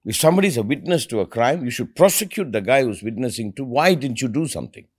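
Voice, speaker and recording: A man hosting a conversational podcast, speaking with conviction. His pitch rises and falls a lot as he drives each point home. He often repeats a word before pushing on. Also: animated, fast talker, darkish tone, slightly rough. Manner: passionate, emphatic, acts out quoted dialogue; repeats words when starting a thought. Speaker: podcast host. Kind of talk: conversational interview.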